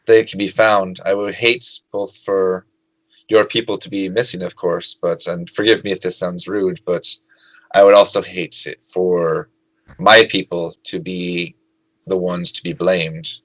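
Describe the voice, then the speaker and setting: A gracious lizardfolk queen, formal and hesitant, as a man puts her on in a tabletop game. The voice sits fairly low. It is recorded close and dry. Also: level tone, a bit bright, dry recording, rough recording. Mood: courteous. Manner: formal, halting, polite. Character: courteous female lizardfolk queen, gentle and hesitant. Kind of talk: tabletop role-play.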